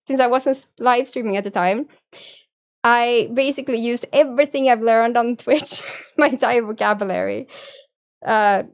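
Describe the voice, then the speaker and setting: A young woman talks casually as a streamer. She rambles through a story with frequent swearing and quick laughs. Her voice sits a bit high and sounds smooth and clear. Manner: rambling, profane, laughs often.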